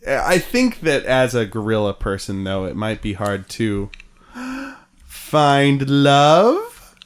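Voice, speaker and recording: Slow-talking male podcast co-host. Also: medium pitch, very animated, clear, resonant tone. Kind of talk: casual comedy chat.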